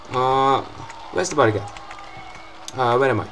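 A young man giving excitable gameplay commentary, swearing often and breaking into loud outbursts and laughs. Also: medium pitch, a little fast, a little hiss or hum, rough recording.

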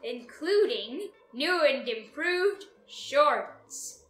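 A performer voicing a dim, cheerful male comedy character who co-hosts, rambling and halting in sketch banter, in an echoey room. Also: sits high, lively intonation, fairly bright tone, soft background music, exaggerated voice. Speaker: co-host.

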